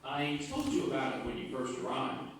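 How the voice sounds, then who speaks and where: A stern, fussy roommate, played by a man, runs through his complaints in a lively, rising and falling voice, like a scripted textbook dialogue. The recording plays over speakers, and it is heard from a distance with heavy room echo. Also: mid-range voice, normal speed, slight background noise, lightly acted. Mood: firm. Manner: firm, lecturing list of complaints. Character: man named Jim, strict fussy roommate. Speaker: actor in a textbook listening dialogue. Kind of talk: scripted listening-exercise dialogue. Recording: very echoey room, played from far off.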